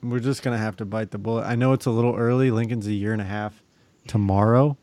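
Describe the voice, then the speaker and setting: Speaking fast in a lowish voice with no room sound, a man in his thirties tells a long story in casual conversation. He's profane and animated, swearing freely and mimicking other people's lines in quotes.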